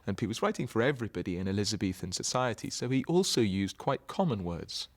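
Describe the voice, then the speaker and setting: A man, an actor, giving measured, explanatory interview answers. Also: lowish voice, sing-song. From Britain.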